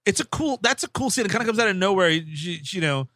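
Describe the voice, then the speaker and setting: A man's voice: high voice, expressive, fast, sharp tone, no room sound, clean studio sound. A man co-hosting a casual movie podcast, talking loosely with lots of laughs and swearing. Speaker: podcast co-host. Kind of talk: casual movie-review banter.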